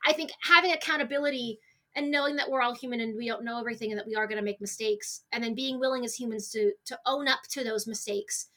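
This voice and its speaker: A woman guest on a podcast, talking in an animated, storytelling way in casual chat. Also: fairly high pitch, fast.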